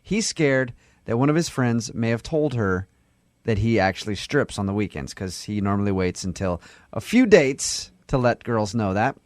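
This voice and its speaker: A man's voice: fairly low pitch, expressive, moderate pace, no echo. A man hosting a morning radio show, chatting casually and teasing his caller with frequent laughs.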